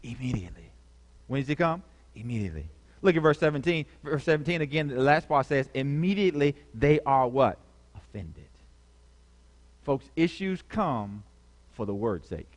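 A man's voice: medium pitch, very animated, a little fast. A man preaching a sermon, repeating key words and calling for answers from the congregation. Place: church. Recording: long reverb of a church hall.

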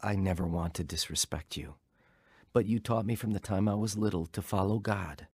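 A man's voice: low voice, moderate pace, husky, no echo. An actor playing an earnest, emotional young man who has just found faith, in a radio drama. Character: young man newly converted, earnest and joyful.

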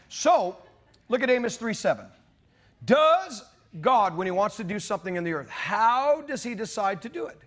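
A man preaching a sermon as pastor, in an impassioned style that climbs into shouting. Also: high-pitched. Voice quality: mock British voice for God's words.

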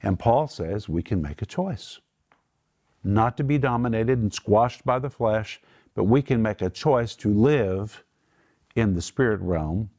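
A man's voice: on the low side, lively intonation, unhurried, darkish tone. Emphatic middle-aged male Bible teacher. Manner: emphatic, explains Greek words step by step.

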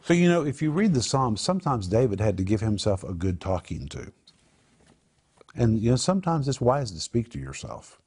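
Husky man teaching the Bible earnestly. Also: on the low side, big pitch swings, normal speed, a little mellow. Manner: earnest, emphatic, builds to raised exhortation. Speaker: Bible teacher and program host.

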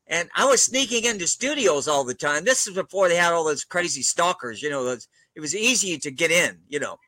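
An older man being interviewed as a guest author, telling anecdotes in a relaxed way and chuckling often. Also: on the high side, brisk, no echo, rough recording.

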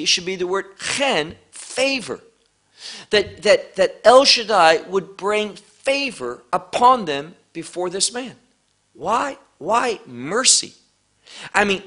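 Slow, deliberate man preaching a sermon. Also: on the high side, bright, forceful tone. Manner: deliberate, asks rhetorical questions; mixes in Hebrew terms. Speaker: Bible teacher. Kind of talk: verse-by-verse sermon.

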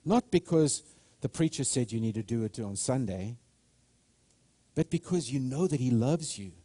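A man's voice: mid-range voice, animated, normal speed, mellow, no room sound. A middle-aged man preaching a sermon with fervent delivery, often repeating and restarting words as he builds momentum.

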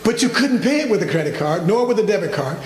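A high-pitched male pastor preaching with animated storytelling, acting out his own conversations. His voice comes from some distance off the mic and rings through a large, echoing church hall with a long reverb tail. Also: fast, over a noisy crowd. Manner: animated storytelling, acts out his own phone calls, laughs along. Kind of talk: sermon with personal story. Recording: echoey church hall from far off.

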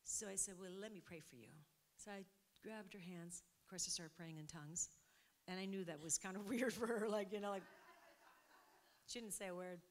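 A middle-aged woman preaching, telling a testimony in an animated way and acting out what people said. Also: medium pitch, normal speed, long pauses, slight background noise. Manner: animated storytelling, acting out quotes, laughing. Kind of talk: sermon testimony.

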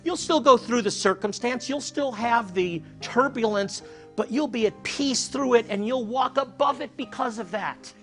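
A man preaching a sermon, telling stories and dropping to a soft hush for emphasis. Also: extremely high pitch, normal speed. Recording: faint music behind.

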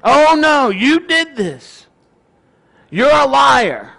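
A man's voice: very high voice, fairly even intonation, measured pace, bright, forceful tone, voice pushed up, exaggerated voice. A man voicing an angry adult male online commenter who insists and accuses. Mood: indignant.

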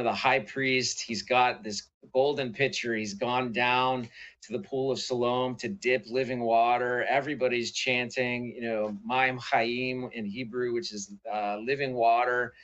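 A man's voice: medium pitch, a bit bright, poor audio. A middle-aged man, a pastor and author, telling a personal faith story as an interview guest in an earnest, reflective way with frequent fillers and restarts.

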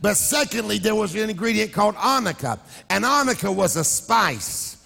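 High, gravelly preacher shouting. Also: male voice, animated, moderate pace, in a large hall, faint music behind. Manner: shouting, sing-song preaching with crowd call-outs. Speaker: pastor. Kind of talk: sermon. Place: church sanctuary.

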